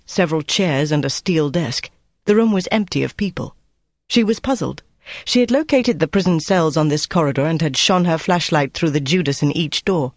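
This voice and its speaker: A man reading a novel aloud in steady, measured scripted narration. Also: fairly high pitch, no room sound, clean studio sound. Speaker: audiobook narrator.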